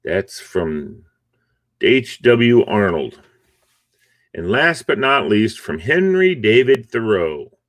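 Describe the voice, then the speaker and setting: A man's voice: lowish voice, big pitch swings, slow pace, a bit bright, no echo, clean studio sound. A middle-aged man chatting casually and rambling as he hosts a morning live stream from home; he sounds sleepy and yawns between thoughts. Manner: rambling, chatty, yawning, chuckling asides. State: sleepy, just woke up. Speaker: host of a morning encouragement livestream.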